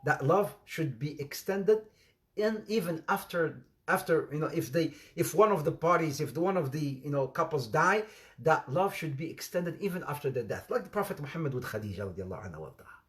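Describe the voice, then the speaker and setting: Animated male preacher, high voice. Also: a little fast. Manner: animated storytelling, mixes English with Arabic phrases; laughs at his own stories, acts out quoted voices. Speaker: Islamic preacher. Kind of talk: informal sermon with humorous anecdotes.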